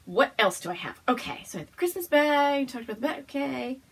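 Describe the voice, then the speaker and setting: A woman's voice: high voice, animated, brisk, a bit bright, husky. A woman hosting a casual show-and-tell episode at home, gushing and bubbly, often laughing as she talks. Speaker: podcast host.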